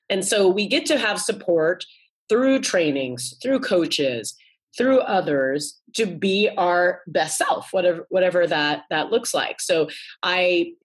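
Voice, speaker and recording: A woman's voice: on the low side, husky. A woman in her forties, a guest author, talking earnestly in a casual interview and often restarting and repeating her words. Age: 40s.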